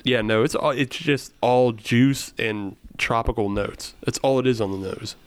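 A man's voice: mid-range voice, a little slow, clear, resonant tone. A man co-hosting a beer podcast, giggling often and trading cheeky banter. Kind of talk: casual chat.

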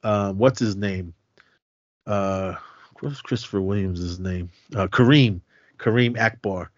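A man's voice: lowish voice, takes it slowly, no echo, dull audio. A man co-hosting a podcast, casually recapping a film scene by scene and acting out the characters' lines as he goes. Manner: animated retelling, voicing characters' lines. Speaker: podcast co-host.

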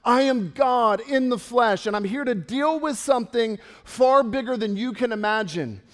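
A man's voice: very high-pitched, moderate pace, fairly bright tone, long reverb tail. A pastor voicing Jesus in the first person, a commanding man making bold, proclaiming declarations.

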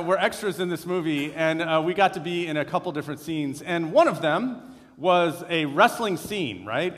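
Man, pastor, sermon, personal story, fairly high voice, reverberant church. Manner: lively, self-deprecating storytelling. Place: church sanctuary. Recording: long hall reverb.

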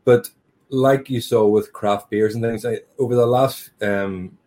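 A man's voice: medium pitch, steady tone, measured pace, a little mellow. A man who runs a tea business, chatting as a guest in a casual interview and telling stories with jokes at his own expense. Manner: joking, self-deprecating storyteller.

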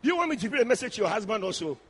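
A man preaching a sermon in church, shouting and calling out to the congregation. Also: sits high, racing, breathy edge. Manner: shouting, animated, addressing the congregation directly.

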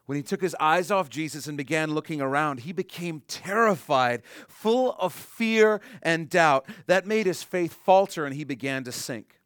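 A man preaching a sermon in an earnest way, slowing down and softening on his key points. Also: on the high side, clean tone, no echo, studio quality. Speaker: pastor.

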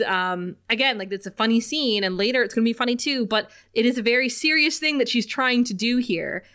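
A young woman co-hosting a podcast, recapping an episode in casual chat and laughing often. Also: a little high. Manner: animated, laughs often, reads quotes in lively voices. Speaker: podcast co-host.

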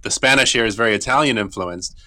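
A middle-aged man with a bright, forward voice gives explanatory interview answers as a guitar teacher. He talks thoughtfully, often stopping and restarting his sentences. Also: fairly low pitch. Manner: thoughtful, halting, with frequent restarts.

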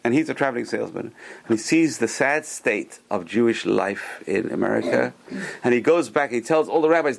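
A man's voice: mid-range voice, animated, quick pace, gravelly, breathy edge. A man teaching a Torah class to a small group, enthusiastic and often exclaiming as he tells stories. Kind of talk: classroom Torah lecture with storytelling.

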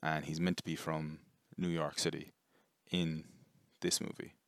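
A man's voice: a bass voice, little pitch movement, a little slow, no room sound, studio quality. A young man rambling casually through a jokey film review, swearing and correcting himself often.

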